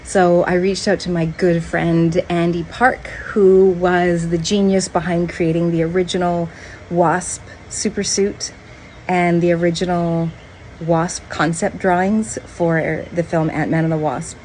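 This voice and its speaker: A woman making a social media video statement, measured and disbelieving. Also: on the low side, flat delivery, darkish tone, slight background noise, low-quality recording.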